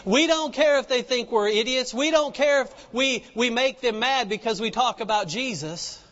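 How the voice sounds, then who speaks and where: A man's voice: very high-pitched, normal speed, a bit bright. A man preaching a sermon in a folksy storytelling way, acting out the people in the story as he goes. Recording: dull lo-fi sound with long reverb.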